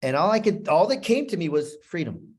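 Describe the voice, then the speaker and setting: Husky man telling an emotional story. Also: on the high side, big pitch swings, brisk. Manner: earnest, repetitive, emotional storytelling. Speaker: motivational speaker. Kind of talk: personal storytelling talk. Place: room with a live audience.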